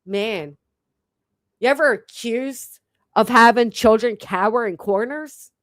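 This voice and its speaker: A woman's voice: a little high, slow, a bit bright, no echo, studio quality. A woman hosting a reaction stream, talking bluntly and profanely to her chat. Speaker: livestream commentary host.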